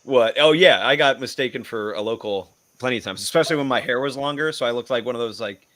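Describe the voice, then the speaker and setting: A man in casual chat, bantering and joking quickly. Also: medium pitch, a bit bright. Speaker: panelist.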